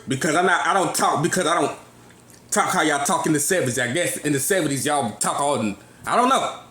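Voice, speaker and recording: A man in his thirties from California, ranting on a phone video with an agitated, rambling delivery that swings from loud to soft. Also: on the high side, fairly quick, echoey room. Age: 30s. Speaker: vlogger. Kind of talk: casual rant to phone camera. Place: grocery store.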